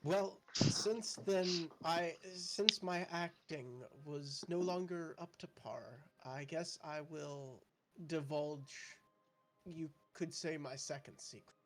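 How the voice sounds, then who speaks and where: A man doing a slow, posh druid. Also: fairly high pitch, fairly bright tone, slight background noise. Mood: wry. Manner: slow, deliberate, formal speech. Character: calm posh male druid, measured and knowing.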